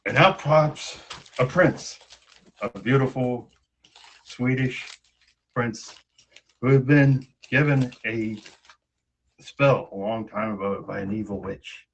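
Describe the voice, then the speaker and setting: A man telling a fairy tale in a casual, halting way, often repeating words, on a dull lo-fi recording. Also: medium pitch, husky. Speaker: storyteller.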